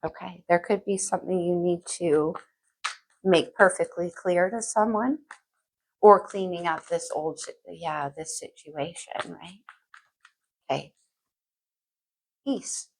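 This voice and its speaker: Speaking slowly in a fairly low voice and pausing often, a woman reads tarot cards for her viewers. She chats, thinks out loud and softly sings lyrics now and then, though the audio is poor.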